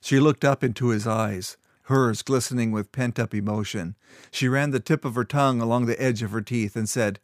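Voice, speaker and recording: Steady male storyteller, dry close sound. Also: mid-range voice, normal speed, no echo. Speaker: audiobook narrator. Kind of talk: scripted narration.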